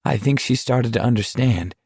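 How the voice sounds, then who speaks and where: A man voicing an earnest teenage boy in a deadly walking contest, speaking in a confiding, rambling, quietly hurt way. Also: medium pitch, moderate pace, slightly rough, dry recording, studio quality.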